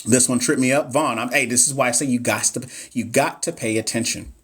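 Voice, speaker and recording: A man's voice: medium pitch, a little fast, breathy edge. Chatty man coaching nursing exam. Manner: animated, chatty, talks to live chat by name. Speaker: NCLEX review coach. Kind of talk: live-stream exam review.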